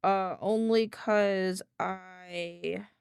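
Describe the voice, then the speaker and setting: A woman streamer chatting casually and excitably on a live stream, often answering her chat, into a desk microphone. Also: mid-range voice, very slow, gravelly, clear, resonant tone, no room sound, studio quality.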